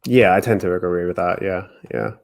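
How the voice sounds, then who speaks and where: A man with a fairly low voice talks things through in a casual chat, pausing on fillers. He is thoughtful and drops in dry, facetious asides. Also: fairly even intonation, vocal fry. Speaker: guest discussing Tolkien lore.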